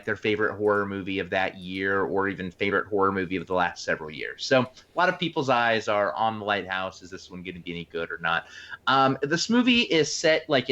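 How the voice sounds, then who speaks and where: A man's voice: fairly low pitch, fairly bright tone, lo-fi sound. A man co-hosting a podcast, explaining in an easygoing way with frequent ums. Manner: easygoing, many ums, quick to laugh. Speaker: podcast co-host. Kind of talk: casual chat.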